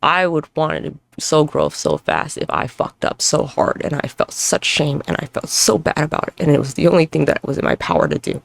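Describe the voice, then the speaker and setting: A woman in her thirties hosts a solo podcast from home, with neighbors nearby, her low voice gravelly and fairly quick with hardly any pauses. She rambles and swears, reflecting and hopping between topics as she moves around the house.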